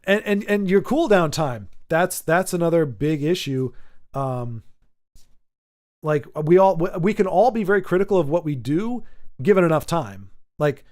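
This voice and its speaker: A man hosts a relaxed livestream and talks at length in a somewhat high voice. He rambles, restarts his sentences and slips into playful mock-pompous asides aimed at his chat. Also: normal speed. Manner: rambling, self-correcting, mock-pompous banter. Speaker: livestream host. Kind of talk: casual chat with chat readers.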